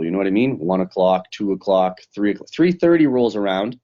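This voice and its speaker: A man's voice: lowish voice, expressive, fairly quick, warm tone. A male fighter recapping a bout in a casual interview, rambling and swearing as he tells the story over a video call. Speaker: professional fighter. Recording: dull lo-fi sound.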